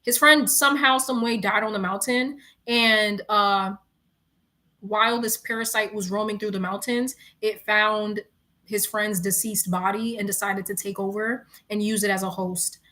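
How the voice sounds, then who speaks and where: With a mid-range voice and moderate pace, this young streamer from New York speaks with a New York accent. Her casual chat centers on retelling a story, lively and full of slang, broken up by frequent laughter.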